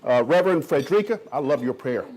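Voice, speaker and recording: A man in his fifties from Kentucky speaks to a live audience with a husky edge and a fairly high voice for a man. He is eager and playful, telling stories and cracking jokes with the crowd. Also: lively intonation, fast, darkish tone. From Kentucky, USA. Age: 50s. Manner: enthusiastic, jokey storyteller who riffs off the crowd. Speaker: county economic development official addressing realtors. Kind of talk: energetic speech to a live audience.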